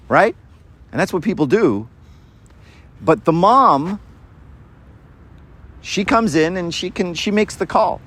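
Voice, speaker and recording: A man's voice: sits high, expressive, measured pace, long pauses, a bit bright. Chatty male preacher, keeps asking "right?". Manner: acts out quoted voices in a story. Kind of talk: informal sermon.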